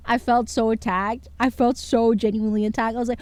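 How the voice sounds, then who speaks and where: Bubbly girl streamer rambling to chat, kinda high voice, dry sound. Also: brisk, few pauses, dry recording. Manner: chatty, excitable, lots of filler words. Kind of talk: casual chat to stream viewers.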